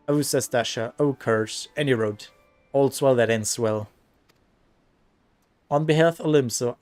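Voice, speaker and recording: A man voicing a gruff middle-aged male guildmaster with rough sailor slang, reading game dialogue aloud. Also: medium pitch, no room sound, close to an everyday voice.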